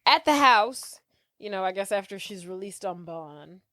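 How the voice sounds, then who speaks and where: A woman co-hosting a podcast, recapping a film in casual chat and acting out the characters' lines with animated voices. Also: medium pitch, normal speed, dry recording. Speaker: podcast co-host.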